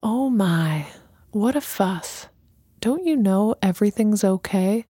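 A woman voicing a calm, mystical woman who speaks in a serene, knowing, unhurried way. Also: medium pitch, husky, dry recording, clean studio sound.

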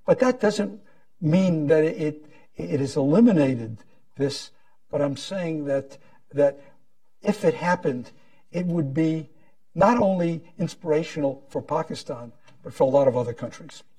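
A man answering on a panel, speaking slowly and hesitantly. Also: on the high side, dark tone, distant mic. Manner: slow, hesitant, measured.

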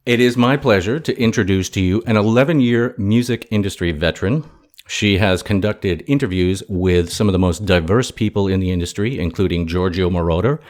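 A man's voice: low voice, fairly quick, darkish tone. Jokey, upbeat male podcast host. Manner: jokey, upbeat, self-mocking. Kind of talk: casual interview chat. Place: home in a city.

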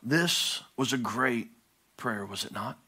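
A male pastor preaching a sermon, swinging from hushed low phrases to loud, high-pitched pleading. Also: expressive, slow, breathy edge.

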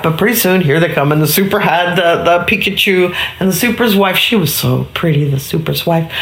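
Animated woman telling a children's story. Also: medium pitch. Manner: animated, with many restarts and sound effects. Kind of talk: casual oral storytelling for children. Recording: roomy echo.

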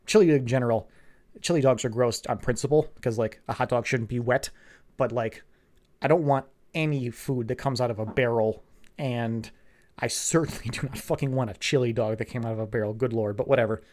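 A man's voice: medium pitch, a little fast, darkish tone. Sarcastic, profane male recapper. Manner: sarcastic, rambling, swears a lot. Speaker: show recapper. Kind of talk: profane comedic plot recap.

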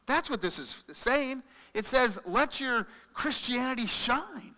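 A man preaching a sermon, reading scripture and urging his listeners, his delivery swinging between loud emphatic lines and quiet questions. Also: extremely high pitch, lively intonation, unhurried. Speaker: pastor. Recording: muffled sound with long reverb in a large hall.

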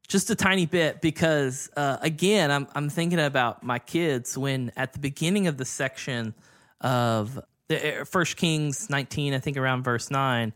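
A man with a mid-range voice talks casually about scripture. He is relaxed and conversational, with frequent fillers and an easy laugh. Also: mid-range voice. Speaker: podcast co-host. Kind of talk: casual Bible study discussion.

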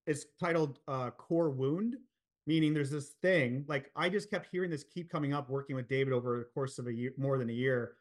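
A man in his forties, a podcast guest, telling his story in a frank, earnest way, swearing freely and using many fillers. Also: on the high side. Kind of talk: candid storytelling in a podcast interview.

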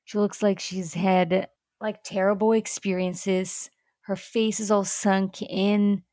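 A woman's voice: medium pitch, level tone, takes it slowly, mellow, dry recording. Emphatic young woman, dry close sound. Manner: emphatic, blunt reactions. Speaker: podcast co-host. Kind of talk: casual TV recap chat.

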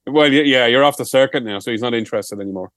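A man's voice: mid-range voice, quick pace, a bit bright, dry recording. A man co-hosting a comedy podcast, with dry, playful banter. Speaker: podcast co-host. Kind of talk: casual comedic chat.

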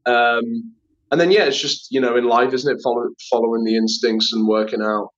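A man's voice: medium pitch, steady tone, brisk, fairly bright tone. Chatty man telling stories. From Liverpool, England. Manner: chatty storyteller, acts out quoted voices, many fillers. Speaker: actor and writer, guest. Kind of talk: casual interview chat. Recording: slightly dull lo-fi sound.

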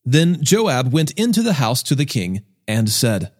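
A man reading scripture aloud in a measured, expressive way as the show's regular reader. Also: medium pitch.

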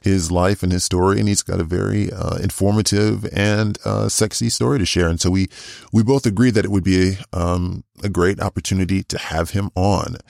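A male podcast host with a deep voice and a strong gravelly fry running through it. He talks in a gushing, chatty way, peppered with fillers. The sound is dry and close. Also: darkish tone, dry recording. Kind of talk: podcast intro and interview chat.

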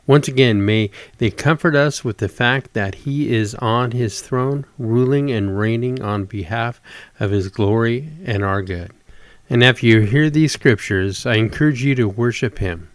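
A man preaching, reading scripture aloud in a measured, devotional way and telling short stories with acted-out voices. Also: medium pitch, dry recording. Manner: acts out voices in told stories.

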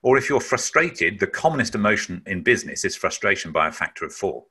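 A man's voice: low voice, big pitch swings, quick pace, pushed and bright, husky. A man giving a webinar talk on managing emotions, explaining emphatically and sometimes acting out sounds. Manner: emphatic, acts out breath-holding sounds. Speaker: webinar speaker.

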